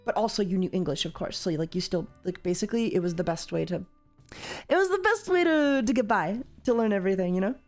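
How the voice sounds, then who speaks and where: A young woman from Canada chatting casually as a streamer while playing a card game, with sudden loud, high exclamations. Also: fast, few pauses, faint music behind.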